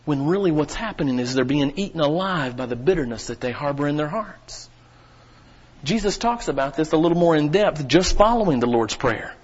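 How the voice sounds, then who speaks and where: A man preaching a sermon as pastor, folksy and talking straight to the congregation, his voice swelling at times into near-shouting. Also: a little high, expressive, brisk, slightly rough, lo-fi sound. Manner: preaching with sudden rises to shouting; folksy, addresses the congregation directly.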